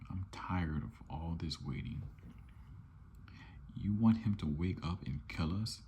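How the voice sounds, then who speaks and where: A man's voice: sits low, creaky, darkish tone, a little hiss or hum. A man voicing a bickering male villain twin scientist in a whispered role-play.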